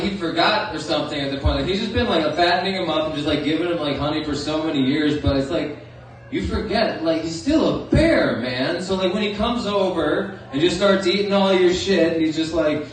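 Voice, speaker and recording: A man's voice: a little high, animated, moderate pace, slight background noise. A young man doing stand-up comedy, rambling and crude, with many fillers. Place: comedy club stage. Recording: distant mic in an echoey club.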